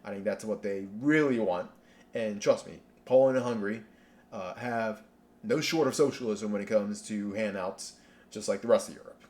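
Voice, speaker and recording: A man's voice: on the low side, normal speed, darkish tone. A man hosting a casual reaction rant, sarcastic and rambling, with lots of restarts. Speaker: commentary channel host.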